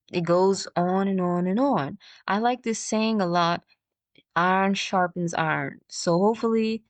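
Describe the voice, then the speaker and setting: A woman podcast host muses out loud in a reflective solo talk, pausing and restarting as she hunts for the right word. Her voice sits on the low side, and the recording is close and dry with no room sound. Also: no room sound. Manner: thinks out loud, halting and searching for words.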